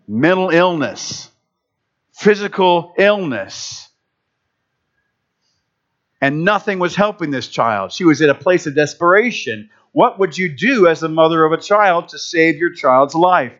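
A man's voice: on the high side, fairly bright tone. A middle-aged man preaching a sermon as a pastor, telling a personal story in a conversational, anecdotal way. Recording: dull lo-fi recording.

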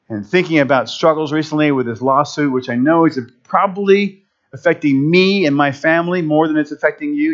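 A man preaching a sermon as pastor, lively and conversational, who jumps into high, excited voices when he quotes people. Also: highs cut off.

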